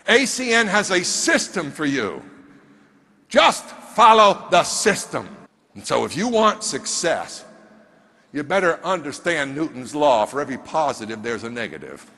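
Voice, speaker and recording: A man's voice: a little high, sing-song, moderate pace, creaky, sharp tone. A man giving an emphatic motivational stage talk, throwing rhetorical questions at the audience, heard in a large hall. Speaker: motivational speaker. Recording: long reverb of a large hall.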